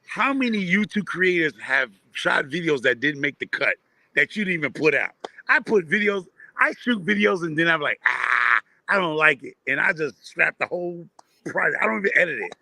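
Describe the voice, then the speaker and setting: A man talks in animated bursts and keeps repeating his points. His voice sits fairly high and sounds bright and forceful. The sound is dry and close. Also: a little fast, gravelly, dry recording. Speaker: panel guest. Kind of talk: casual panel chat.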